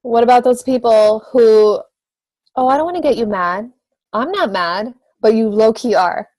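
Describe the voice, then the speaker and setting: A woman's voice: fairly high pitch, moderate pace, darkish tone, dry recording. A woman taking part in a casual group discussion, teasing and laughing often. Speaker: discussion participant.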